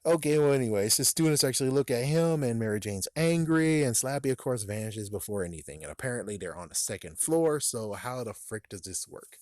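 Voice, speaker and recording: A man giving a casual, animated spoken book review, cursing often and acting out characters' lines in quick bursts. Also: mid-range voice, no echo, clean studio sound.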